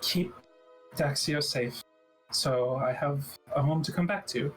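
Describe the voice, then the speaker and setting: A man playing a tabletop game in character, hesitant and halting, very polite. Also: on the high side, faint music behind. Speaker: player. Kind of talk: tabletop role-play in character.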